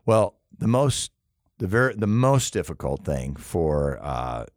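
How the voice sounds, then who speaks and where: A man's voice: sits low, very animated, slow pace, no room sound, clean studio sound. A middle-aged man who leads a rescue mission, telling stories earnestly in an interview with frequent restarts. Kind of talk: interview conversation.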